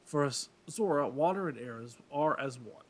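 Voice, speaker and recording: A man's voice: medium pitch, animated, normal speed, close to an everyday voice. A man reading as a stately old fish-folk king. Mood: regal. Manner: formal, courtly phrasing. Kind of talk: let's play voice reading.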